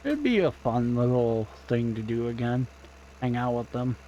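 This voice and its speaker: A man's voice: medium pitch, very animated, normal speed, mellow, highs cut off, slight background noise. Rambling casual gamer man. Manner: rambling, offhand and self-deprecating, swears casually. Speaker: gaming channel host. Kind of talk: casual gameplay commentary. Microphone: desk microphone at home.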